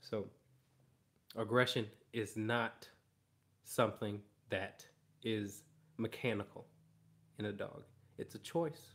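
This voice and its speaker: A man's voice: fairly low pitch, fairly even intonation, slow, long pauses, a bit bright. A man working as a dog trainer, explaining training in an emphatic way and repeating key phrases. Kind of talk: instructional explanation.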